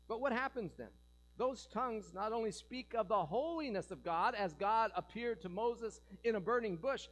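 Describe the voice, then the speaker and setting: A male pastor preaching in a church, his voice sitting high for a man. He keeps things animated, tossing jokes and rhetorical questions to the congregation. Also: low-quality recording. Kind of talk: sermon.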